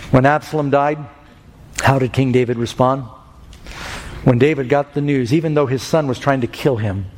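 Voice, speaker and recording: Male preacher, mid pitch, storytelling sermon, hall reverb, faint music bed. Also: a little mellow. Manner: storytelling, rising to urgent pleading. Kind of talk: evangelistic sermon.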